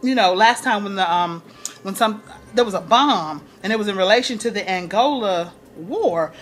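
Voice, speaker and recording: A woman recapping a TV episode in casual chat, acting out quotes and laughing often. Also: moderate pace. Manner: animated, acts out quotes in a higher voice, laughs often. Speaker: TV recap vlogger.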